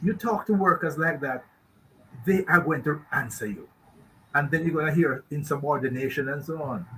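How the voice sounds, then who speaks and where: Jamaican man, radio guest expert, emphatic and rambling, bright somewhat high voice. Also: normal speed, a little hiss or hum, rough recording. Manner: emphatic, rambling, asks rhetorical questions. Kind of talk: radio talk show discussion.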